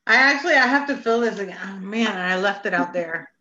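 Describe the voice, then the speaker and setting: A woman hosting a casual chat, laid-back and quick to laugh. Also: medium pitch, expressive, sharp tone. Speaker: host. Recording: echoey room, dull lo-fi.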